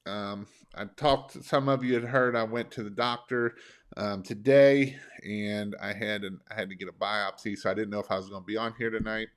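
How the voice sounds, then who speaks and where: A man's voice: lowish voice, fairly even intonation, moderate pace. Folksy man coaching. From Northern Kentucky, USA. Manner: folksy, rambling, plain-spoken. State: sore throat. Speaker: business coach. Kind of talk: motivational live-stream talk.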